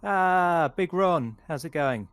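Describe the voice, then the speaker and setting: A man's voice: on the high side, lively intonation, slow, fairly bright tone, clean tone. A man voicing Fitz, a caring male crewmate in a sci-fi tabletop game, who checks on others in a friendly way, says "mate" and repeats himself. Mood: concerned.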